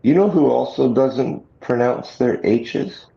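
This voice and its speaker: A man's voice: mid-range voice, expressive, slow pace, creaky. A man hosting a livestream in laid-back casual chat, chuckling often. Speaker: livestream host. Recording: muffled lo-fi sound in an echoey room.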